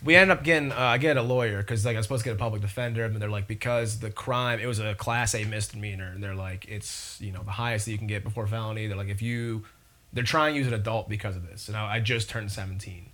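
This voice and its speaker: A man's voice: fairly low pitch, quick pace. A young man casually telling a long story, rambling and profane, acting out the people in it. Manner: rambling, profane, animated retelling. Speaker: podcast guest.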